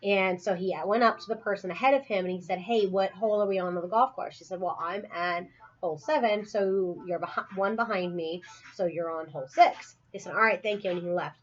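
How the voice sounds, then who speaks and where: Female co-host, casual book chat, laughs through her stories, mid-pitched, lo-fi recording. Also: brisk. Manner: giggly storyteller, laughs often. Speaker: podcast co-host.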